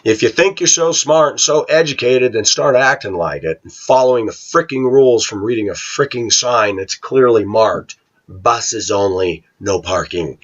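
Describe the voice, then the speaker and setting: A man's voice: mid-range voice, normal speed, fairly bright tone, lo-fi sound. A middle-aged man with a blunt, ranting manner, talking casually to viewers in a vlog. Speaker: vlogger.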